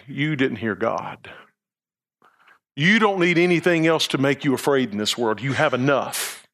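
A man's voice: medium pitch, lively intonation, moderate pace, fairly bright tone. A man preaching a sermon as pastor, emphatic, with repeated phrases and rhetorical questions.

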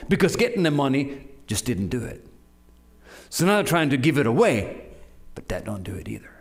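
A man from Norway preaching a sermon, urging his listeners with animated delivery and frequent restarts. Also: medium pitch, moderate pace.

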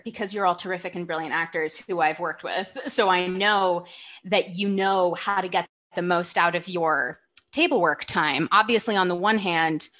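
A woman director speaks to her cast in casual group talk, enthusiastic and thinking aloud as she goes. Her voice has a bright, clear tone at a middle pitch.

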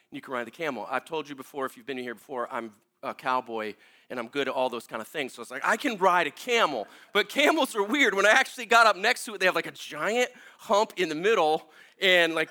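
A man with a high, bright voice delivers a sermon as a relaxed, lively story. He chats, laughs along and often says "like" and "you know". It sounds like a pastor talking easily to his congregation. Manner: animated, laughing, casual storytelling with frequent fillers.

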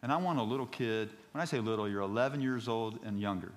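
A man in his fifties, a pastor preaching a sermon in a church, telling stories and rising to loud outbursts when he reads scripture. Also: on the low side, fast, big-room sound. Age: 50s. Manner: animated storytelling preacher, voice rising to shouts on scripture.

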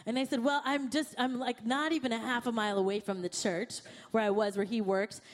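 High-voiced woman preaching a lively sermon. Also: a little fast. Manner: animated, acts out her own panicked quotes. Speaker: pastor. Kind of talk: sermon with personal storytelling.

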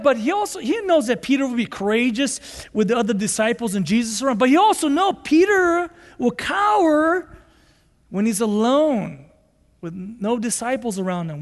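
A man's voice: very high-pitched, in a large hall. A man, a pastor, preaching a sermon and acting out quoted dialogue with animation.

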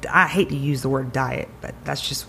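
Her voice extremely low, creaky, husky, and pushed bright, a South Carolina chiropractor from around Greenville County speaks at a moderate pace as a podcast guest. She hands out advice with energy and emphasis, hammering key words through repetition.

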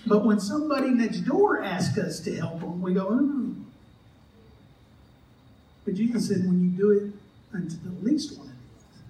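A man's voice: high-pitched, animated, moderate pace, mellow, distant mic, a little hiss or hum. A man preaching as a pastor, in a joking, conversational way, acting out the voices of the people he quotes. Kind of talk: sermon. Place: church sanctuary. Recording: echoey church hall, mic from afar.

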